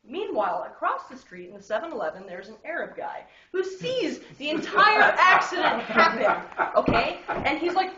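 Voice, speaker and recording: A woman's voice: sits high, big pitch swings, normal speed, hardly any pauses, sharp tone, slight background noise. A drunk woman telling crude jokes at a party, swearing with lots of fillers and laughing asides. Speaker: joke teller. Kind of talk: casual joke telling at a party. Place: indoor party. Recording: roomy, dull party recording.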